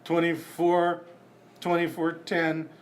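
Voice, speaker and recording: A man in his forties telling stories in casual chat, profane and animated, acting out the people in them. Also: a little high, slow, a little hiss or hum. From Canada. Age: 40s. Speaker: guest comedian.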